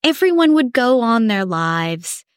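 A woman speaking as a podcast guest, telling a personal story in a candid, animated way. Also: fairly high pitch, unhurried, smooth, no room sound, studio quality. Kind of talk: emotional personal conversation.

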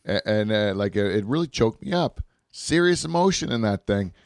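A man with a somewhat low voice tells rambling, profane stories in a loose, casual way. He laughs often as he talks. The recording is close and dry, with no room sound. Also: animated, moderate pace, no room sound. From Canada. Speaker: podcast co-host. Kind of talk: casual chat.

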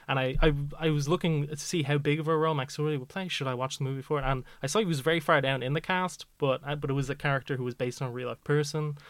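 Man, podcast co-host, casual rambling chat, mid pitch, dry close sound. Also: steady tone, fast talker, hardly any pauses, no room sound.

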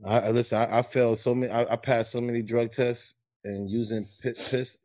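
A man's voice: mid-range voice, level tone, brisk, a little mellow, no echo. A man co-hosting a podcast, telling loose, jokey stories in casual chat and often stammering. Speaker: podcast co-host.

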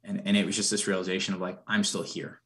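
A man's voice: low-pitched, little pitch movement, quick pace. A man, a podcast guest, telling a personal story in an earnest, reflective way with many restarts. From United States.

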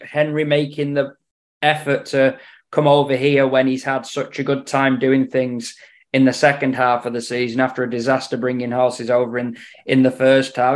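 A man talking through horse racing picks in a relaxed podcast chat. He speaks at a middling pitch and often doubles back on his words. His humour stays dry throughout. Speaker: racing tipster on betting podcast.

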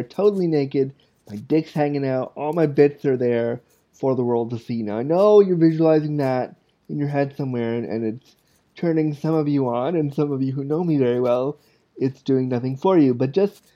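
A man's voice: mid-range voice, highs cut off. A man in his thirties hosting a podcast, telling a story in a candid, rambling way with many restarts. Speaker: podcast host. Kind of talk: casual storytelling.

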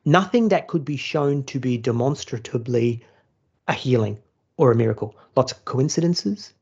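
A man tells a story in loose podcast chat, blunt and animated, dropping swear words. His voice is gravelly with a husky edge. The audio sounds a little dull and lo-fi. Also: medium pitch, moderate pace. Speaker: former churchgoer turned atheist, storyteller.

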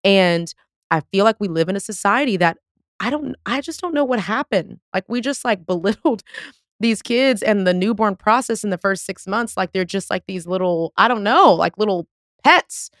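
A woman's voice: mid-range voice, moderate pace, fairly bright tone, no room sound, studio quality. A woman in her thirties hosting a podcast, chatting casually and effusively, quoting herself as she goes. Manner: effusive, talks through laughs and quotes herself. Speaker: podcast host. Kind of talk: casual chat.

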